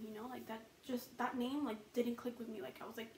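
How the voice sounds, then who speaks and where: A young woman with a slightly high voice tells a personal story in a casual, chatty way, peppering it with "you know," "like," and the odd curse. She sits a little back from the mic in a roomy, echoey space, with faint ambient noise behind her. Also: fairly even intonation, brisk, distant mic. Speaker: vlogger.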